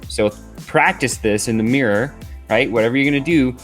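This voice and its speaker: A man hosting an upbeat sales coaching vlog, talking in an energetic, chatty way with frequent fillers. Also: mid-range voice, fairly quick, soft background music.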